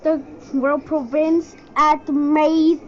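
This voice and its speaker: A woman from India giving excitable let's-play commentary, yelping and exclaiming as she plays. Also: high voice, drawn-out words, slight background noise. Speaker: gaming channel host. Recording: dull lo-fi audio with game music. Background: game music.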